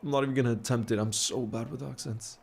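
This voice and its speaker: A man's voice: medium pitch, fairly even intonation, fast, creaky, slightly rough. A man hosting a live football watch-along stream, chatting casually and reading out viewer messages between his reactions, in a laid-back, chummy way. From grew up largely in New York. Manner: laid-back and chummy, calling viewers "bro" and giving shout-outs. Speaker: livestream host of a match watch-along.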